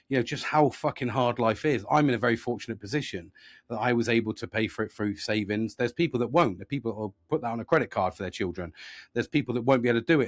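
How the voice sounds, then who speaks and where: A man's voice: medium pitch, dry recording, studio quality. A man on a casual podcast, telling a story and venting with lots of swearing. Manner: animated, swears a lot, rising to loud exasperated rants. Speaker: podcast host.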